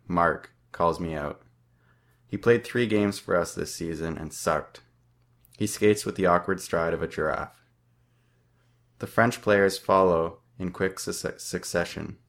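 A man in his twenties from Ontario, Canada, reading his own first-person story aloud with plain, steady delivery and small slips. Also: deep voice. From southern Ontario, Canada. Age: 20s.

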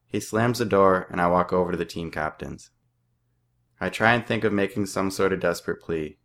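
A man in his twenties from Ontario, Canada, reading his own first-person story aloud with plain, steady delivery and small slips. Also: sits low, normal speed. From southern Ontario, Canada. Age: 20s.

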